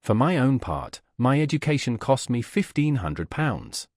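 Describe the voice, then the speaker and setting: A man's voice: medium pitch, very animated, a little slow, a little mellow, no room sound, studio quality. A man voicing an irate, pompous male English doctor in an audiobook, given to sputtering, indignant outbursts. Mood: furious.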